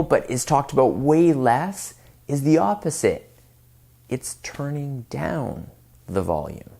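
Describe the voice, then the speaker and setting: A man giving public speaking tips straight to camera in an energetic, emphatic way, varying his volume for effect. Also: medium pitch.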